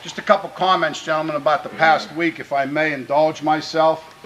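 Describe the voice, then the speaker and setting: A man coaching his high school football team before a game, his voice pitched a little above the usual for a man. He talks to the players in an earnest, plainspoken way, with faint noise in the background. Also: fairly even intonation, low-quality recording. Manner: earnest, plainspoken exhortation, pausing to restart phrases; grows louder and more fervent when speaking of country. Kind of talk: pregame locker-room speech to players.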